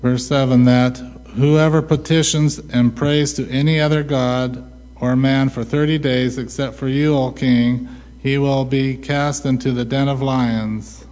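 A man preaching a sermon, asking rhetorical questions and answering them himself with a slow, deliberate delivery. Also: medium pitch, little pitch movement, darkish tone. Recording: long hall reverb.

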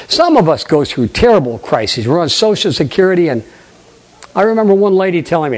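An older man, a pastor, preaching a lively sermon, acting out conversations and questioning his congregation. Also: sits high, normal speed. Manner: animated preaching, acts out dialogue, asks the congregation questions.

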